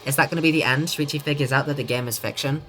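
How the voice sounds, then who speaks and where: Low-voiced sarcastic woman streamer. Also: fast, fairly bright tone, soft background music. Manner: swears casually, laughs often, sarcastic. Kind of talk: casual let's-play commentary.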